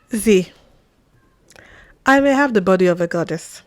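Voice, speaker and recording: A young woman talks straight to the listener in a chatty, wry storytelling voice, full of asides and little mimicked lines. Her pitch sits in an ordinary middle range. The sound is dry and close, with no room echo. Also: expressive, a little slow, pauses often. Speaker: vlogger. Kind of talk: casual storytelling to camera.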